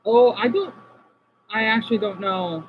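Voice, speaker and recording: High-voiced American man chatting with viewers. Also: a little slow, narrow, tinny audio, a little hiss or hum. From United States. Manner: chatty, responds to viewers by name, apologetic asides. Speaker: livestream host reading chat. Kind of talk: casual livestream chat.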